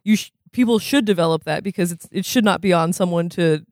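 Woman podcast co-host, casual chat, quick laughs, self-interrupting, dry close mic. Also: on the low side, darkish tone, dry recording. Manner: chatty, laughs often, many restarts.

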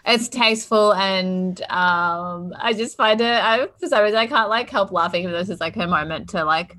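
A woman's voice: mid-range voice, moderate pace. A young woman with an Australian accent co-hosting a podcast, chiming in hesitantly with short agreements. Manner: soft-spoken, hesitant, chimes in with short agreements. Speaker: podcast co-host. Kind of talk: casual chat.

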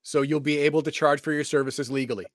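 Man, co-host, casual stream chat, joking emphatic delivery, slightly high pitch, dry sound. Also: fairly even intonation, fast talker, dry recording. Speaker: game master podcast co-host.

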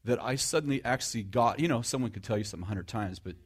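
A man's voice: medium pitch, very fast, slightly rough. Middle-aged man preaching conversationally. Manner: self-deprecating humor, frequent restarts, asks the audience questions. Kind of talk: conversational sermon.

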